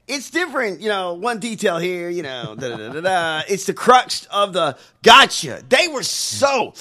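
A man's voice: sits high, very animated, moderate pace, hardly any pauses, sharp tone. A man co-hosting a political talk show, ranting in disbelief, swearing heavily and laughing. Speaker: co-host. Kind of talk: profane political commentary.

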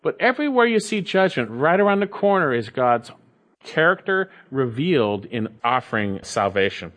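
A man preaching a sermon, reading scripture slowly and repeating key phrases with emphasis. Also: mid-range voice, very animated, a bit bright. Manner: reads scripture slowly and deliberately. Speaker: pastor.

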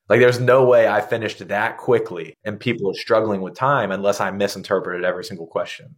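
Fast-talking low-voiced man telling stories. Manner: laid-back, conversational, says "man" often. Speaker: interview guest. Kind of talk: casual storytelling interview.

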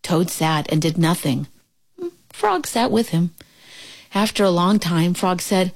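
A woman narrating a children's storybook aloud, slow and expressive, with gentle pauses. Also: on the low side, no echo.

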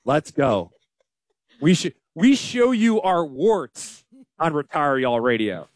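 Guy hosting a money radio show, high voice that jumps all over, jokey and loose. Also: slow, no room sound, clean studio sound. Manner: animated, joking, self-deprecating. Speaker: financial advisor and radio host. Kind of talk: casual radio chat.

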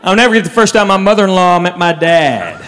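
A man performing a stand-up routine, telling animated stories and acting out his relatives. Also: high voice, quick pace. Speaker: stand-up comedian. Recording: live venue with long reverb, faint crowd noise.

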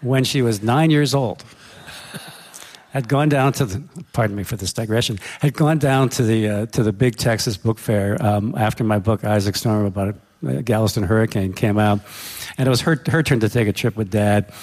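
A middle-aged male author telling a humorous story in a rambling, self-correcting way, with a gravelly voice. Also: lowish voice, normal speed, a little mellow. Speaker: author guest. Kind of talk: storytelling interview talk. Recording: hall reverb.

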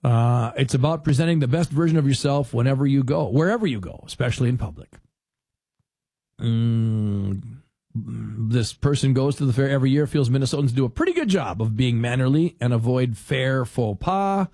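A man's voice: medium pitch, moderate pace, husky, dry recording, clean studio sound. A man hosting a talk show, chatting casually and rambling a bit as he tells stories and acts out what people say. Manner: animated storyteller who acts out quotes; rambling with restarts.

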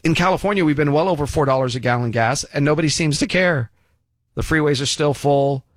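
A man's voice: a little high, a little fast, dry recording. A man giving an opinion commentary monologue in a folksy, sarcastic way with many asides.

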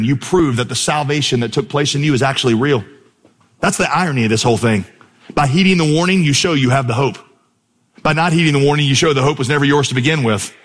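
A man preaching a sermon from a church stage, conversational and animated as he tells stories. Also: fairly high pitch, breathy edge. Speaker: pastor. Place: church stage before a congregation. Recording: live sermon in a reverberant hall.

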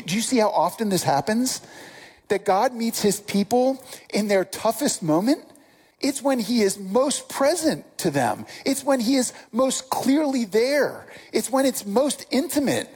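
Preacher giving a sermon, husky voice, lively rising and falling pitch, earnest rhetorical questions. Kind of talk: sermon on a scripture passage.

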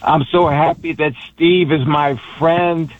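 A man's voice: on the high side, steady tone, slow pace, dry recording. Middle-aged guy on a phone line, tinny, rambling and passionate, keeps restarting. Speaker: radio call-in guest. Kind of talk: emotional phone interview.

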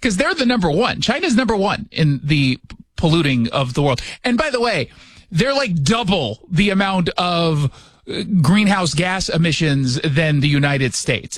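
A man's voice: fairly high pitch, dry recording. A man hosting a talk show from his studio, joking and sarcastic, often restarting his sentences. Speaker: radio talk show host. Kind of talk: casual talk show banter. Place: studio, cold.

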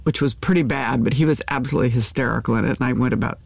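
An older actress speaking candidly in an interview, with halting restarts and fillers. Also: female voice, rumbling low, gravelly, darkish tone, no echo. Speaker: actor, interview guest.

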